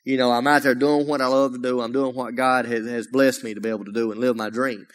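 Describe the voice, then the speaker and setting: In a church sanctuary with long reverb, a guest preacher from Alabama delivers a folksy, humorous sermon in his Southern accent, often raising his voice. His pitch is medium, his tone level, and he talks fast.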